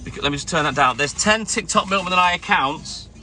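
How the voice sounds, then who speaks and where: A man's voice: sits high, fast, noisy background. Chatty middle-aged milkman live-streaming. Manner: chatty, greets viewers and answers comments between stops. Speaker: self-employed milkman livestreaming. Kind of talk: casual live-stream chat while working. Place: on a night milk delivery round.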